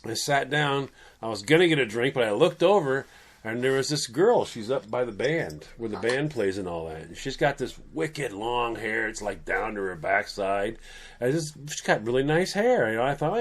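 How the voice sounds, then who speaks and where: A man's voice: mid-range voice, normal speed. A man telling a funny story in casual chat, stammering and laughing as he goes. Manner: animated, laughs often and stammers.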